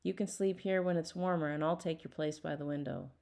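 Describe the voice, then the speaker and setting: A woman's voice: low-pitched, steady tone, fairly quick, creaky, darkish tone. A woman voicing a grown woman prisoner in an audiobook, who bargains in a practical way. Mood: bargaining.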